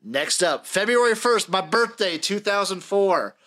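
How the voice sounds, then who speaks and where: A man's voice: sits high, animated, a little slow, sharp tone. A man in his late twenties hosting a casual sports podcast, reading out dates and acts in turn with dry jokes. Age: late 20s. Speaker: podcast host.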